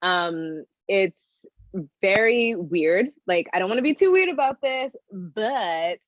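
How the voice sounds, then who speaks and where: A woman coaching client, hesitant and searching for words, with many pauses and fillers. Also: mid-range voice, animated, no room sound, highs cut off. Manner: hesitant, many ums and likes, emotional. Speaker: coaching client, joy strategist for working moms. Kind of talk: role-play then open reflection.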